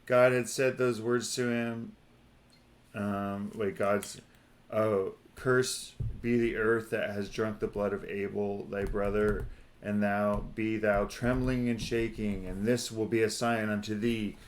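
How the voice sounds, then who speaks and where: A man in casual conversation who talks slowly and wanders through his points with many fillers. His voice sits low. He stops now and then to read a passage aloud. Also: fairly even intonation. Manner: meandering, full of fillers, reads passages aloud. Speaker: podcast co-host. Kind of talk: casual chat about scripture.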